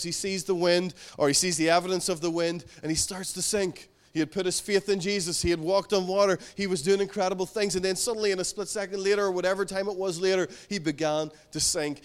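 A man preaching a sermon, earnest and building to fervent passages. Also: sits high. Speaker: pastor.

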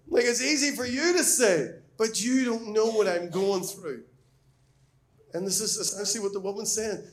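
A man preaching a sermon as a pastor, reading scripture and speaking earnestly and emphatically, with rising questions. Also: high voice.

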